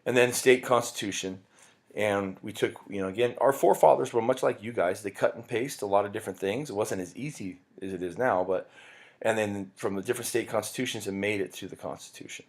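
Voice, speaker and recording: A man's voice: on the low side, fairly quick. A male teacher giving a casual, rambling recorded lecture, often breaking off mid-sentence. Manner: casual, rambling, self-interrupting.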